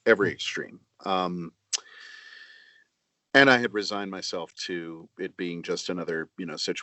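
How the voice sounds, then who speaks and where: Middle-aged man, low voice, dry close sound; earnest, measured interview guest on a video call. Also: fairly even intonation, bright, forceful tone, no echo. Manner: earnest, measured, with many pauses and fillers. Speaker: actor and audiobook narrator, interview guest. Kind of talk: reflective interview answers.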